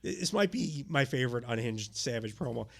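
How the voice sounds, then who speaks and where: A man in his thirties co-hosting a casual podcast, laid-back and swearing freely, his voice going hoarse. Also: medium pitch, expressive, normal speed. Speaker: podcast co-host. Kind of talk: casual chat.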